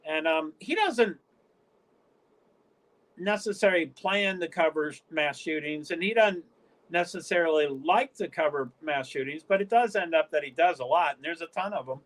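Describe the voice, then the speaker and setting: A man from the northeastern US hosts his own livestream in loose, casual chat. His voice sits fairly high for a man. He wanders from thought to thought, trips over restarts and keeps cutting himself off. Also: moderate pace, fairly bright tone. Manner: rambling, stop-start, frequent self-interruptions. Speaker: livestream host.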